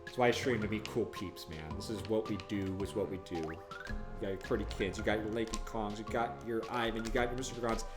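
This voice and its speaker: Commentating his game live with music playing behind him, a low-voiced male streamer speaks briskly and excitedly. He chats constantly, shouts when plays go badly, and gives viewers warm thanks by name.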